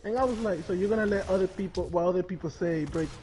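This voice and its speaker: A man's voice: high voice, fast, darkish tone, slight background noise, low-quality recording. A man telling a story in casual chat on a stream, crude and rambling, laughing as he goes.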